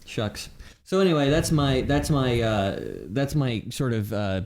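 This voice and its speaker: A man hosts a casual podcast, rambling along with frequent restarts and fillers. His voice sits at an ordinary pitch for a man. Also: lively intonation, unhurried, a loud crowd. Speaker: podcast host. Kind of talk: casual chat.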